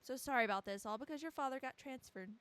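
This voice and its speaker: A woman reading the lines of a rushed, complaining mother in a game. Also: high voice, a bit bright, clear, resonant tone. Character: hurried, fretful mother.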